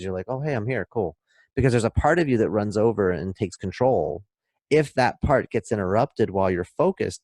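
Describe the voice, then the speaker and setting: A man speaking as a podcast guest, explaining in an emphatic, animated way and acting out little scenes. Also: deep voice, no echo, clean studio sound. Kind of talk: casual podcast talk, explaining.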